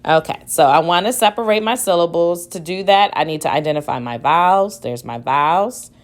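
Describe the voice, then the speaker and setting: A woman teacher slowly sounding out word syllables aloud in a phonics lesson. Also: on the low side.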